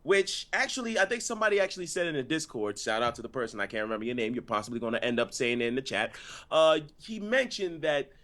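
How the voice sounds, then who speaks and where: A man co-hosting a casual wrestling review, laughing often and ranting at length. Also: medium pitch. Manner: laughing, animated, drawn-out rants. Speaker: wrestling show co-host.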